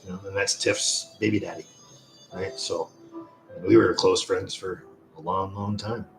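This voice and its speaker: A man with a lowish voice hosts a casual live stream, wandering through stories and cursing as he goes. His voice rings around a roomy, echoey space, with faint music playing underneath. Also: steady tone, a little slow, vocal fry, fairly bright tone. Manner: rambling, swears freely, storytelling. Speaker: livestream host.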